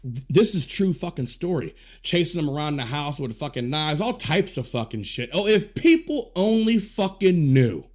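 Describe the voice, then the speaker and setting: A man's voice: fairly high pitch, lively intonation, normal speed. A man delivering a heated, profanity-filled rant to camera, scolding and repeating himself. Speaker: commentator.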